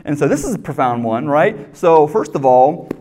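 A man's voice: on the high side, sing-song, normal speed, dark tone. A man preaching a sermon as pastor, teaching in a conversational, emphatic way with rhetorical questions.

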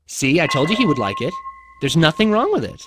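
An actor voicing an awkward husband hosting guests in a video game, jittery and covering tension with forced jokes. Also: male voice, a little high, huge pitch swings, fairly quick, over loud music. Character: awkward joking husband and host.

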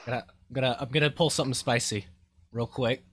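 A man's voice: medium pitch, steady tone, a little fast, a little hiss or hum. A young man hosting a casual podcast, rambling and self-deprecating as he trails off and restarts mid-thought. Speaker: podcast host and voice actor.

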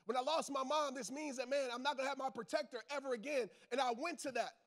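Very high-pitched yet steady in tone, this fairly bright male voice moves fast. The speaker, a motivational speaker, football coach and father, addresses a live crowd directly in casual Southern slang, emphatic and preachy as he repeats his main lines.

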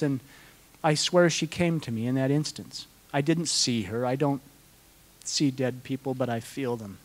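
A man's voice: medium pitch, a little slow. A middle-aged man answering audience questions at a conference, speaking in an earnest, heartfelt storytelling way with frequent restarts.

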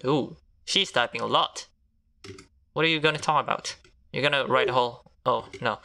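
A man's voice: medium pitch, normal speed, vocal fry, long pauses, sharp tone. A young man giving casual, joking gameplay commentary and reading text messages aloud. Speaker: gamer.

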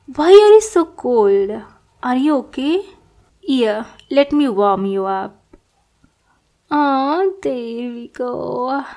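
A woman's voice: high voice, a little mellow, exaggerated voice. A young woman performing a whispered role-play as an obsessive, adoring intruder, sweet and clingy, calling the listener darling. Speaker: ASMR performer.

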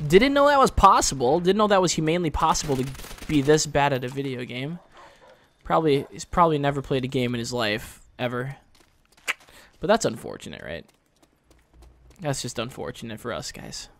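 A man giving live gameplay commentary, excitable and trash-talking, with sudden frustrated outbursts. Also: mid-range voice, vocal fry, slight background noise. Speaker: gaming channel host.

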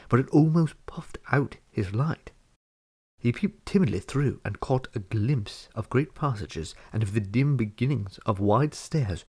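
A man narrating a fantasy storybook chapter in a measured reading voice. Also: medium pitch, darkish tone, husky. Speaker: audiobook reader.

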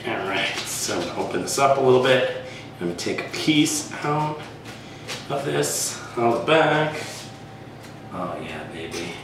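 A man's voice: mid-range voice, expressive, moderate pace, noisy background. A man from New Jersey hosting a cooking demonstration in a kitchen, talking in a playful, theatrical, joking way. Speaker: cooking show host. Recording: very echoey room, distant mic.

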